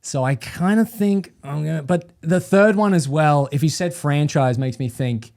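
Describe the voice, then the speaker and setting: A man co-hosting a podcast, telling stories in an animated way and acting out moments. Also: fairly high pitch, moderate pace. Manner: animated storytelling, acts out voices and screams. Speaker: podcast co-host. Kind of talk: casual chat.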